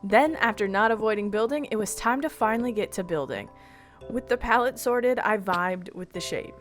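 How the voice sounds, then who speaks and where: A woman narrates a weekly recap of her game streams in a scripted, upbeat voice-over. Her pitch swings widely as she reads, and faint music plays quietly behind her. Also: animated, moderate pace.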